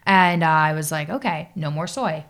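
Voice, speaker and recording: A woman being interviewed on a podcast, telling her story casually, with halting speech full of "like" and fillers. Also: sits low, fairly bright tone. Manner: halting, filler-heavy, lots of "like". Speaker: podcast guest.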